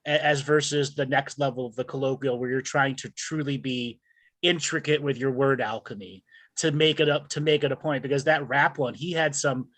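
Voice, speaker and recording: A man's voice: medium pitch, steady tone, moderate pace, fairly bright tone, no room sound. A man co-hosting a casual comedy chat, upbeat as he wraps up the show. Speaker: co-host.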